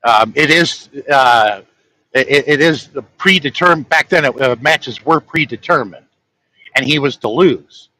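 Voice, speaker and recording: A man's voice: medium pitch, unhurried, sharp tone, poor audio. A man, a truck-driving vlogger, telling a story in a rambling, chatty way and chuckling at his own tales. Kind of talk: casual storytelling.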